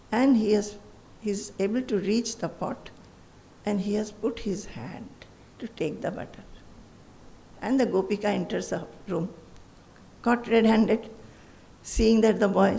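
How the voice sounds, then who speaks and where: Gravelly-voiced woman telling a story. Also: medium pitch. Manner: animated storyteller, acting out voices and laughing. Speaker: spiritual teacher. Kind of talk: storytelling discourse with chanted Sanskrit verses.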